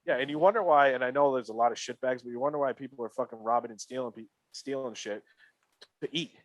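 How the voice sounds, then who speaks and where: A man's voice: mid-range voice, fast, no room sound. Heated, swearing podcast co-host man. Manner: heated, repetitive ranting. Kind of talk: casual sports chat.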